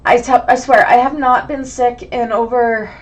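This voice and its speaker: A woman with a cold, raspy and sniffly, chatting through a live online bag-making class and greeting viewers by name. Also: a little high, fairly even intonation, normal speed. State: sick with a cold, hoarse and sniffly. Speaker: bag-making sewing instructor.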